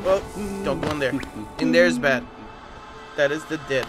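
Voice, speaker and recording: A man streaming a video game live, chatting casually and excitably and swearing often, sounding tired. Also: fairly high pitch, normal speed, music in the background. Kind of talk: casual live gameplay commentary.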